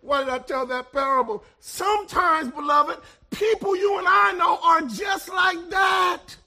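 A man preaching a sermon as pastor, building to loud shouted peaks and then dropping to hushed lines. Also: extremely high pitch. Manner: preaching with swelling shouts and sudden hushed drops.

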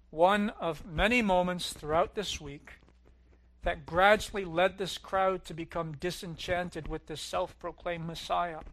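A man preaching a sermon as pastor, swelling loud on key lines and dropping low and quiet at others.

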